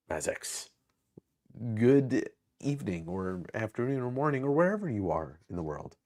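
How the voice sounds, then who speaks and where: A man's voice: medium pitch, big pitch swings, a little slow, long pauses, a little mellow. A man hosting a casual live stream, rambling and self-mocking as he greets viewers in the chat by name.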